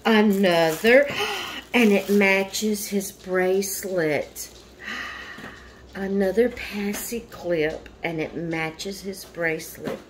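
A woman's voice: medium pitch, takes it slowly. A woman vlogger in a casual unboxing chat at home, gushing and repeatedly thanking and exclaiming over each item. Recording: noisy home recording. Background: household noise, dog barking.

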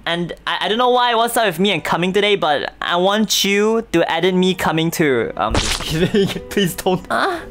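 A young man, a VTuber streamer giving hyper, theatrical comedy reactions full of drawn-out exclamations and crude jokes. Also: fairly high pitch, a bit bright.

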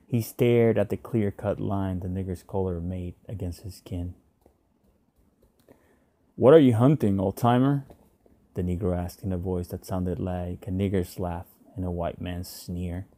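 A man narrating a short story in a measured, subdued way. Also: deep voice, little pitch movement, dark tone, no echo. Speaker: reader.

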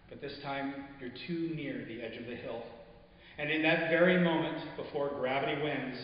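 Guy reading his short stories live, slightly high voice, super echoey hall, kinda muffled. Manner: measured, intimate storytelling with soft drops. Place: arts venue stage, before an audience.

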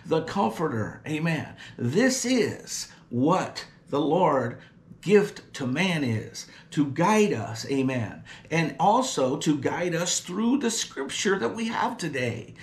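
A man's voice: fairly high pitch, sing-song, slow, echoey room. A man preaching a sermon, emphatic and repetitive, stopping often to say amen.

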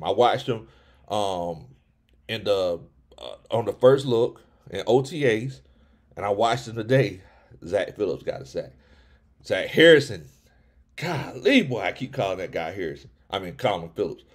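A man hosting a lively sports livestream, reading chat comments, laughing often and stumbling over his words as he talks. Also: mid-range voice. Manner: animated, laughs often, frequent restarts and stammers. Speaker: sports vlog host reading live chat. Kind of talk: excited casual livestream chat.

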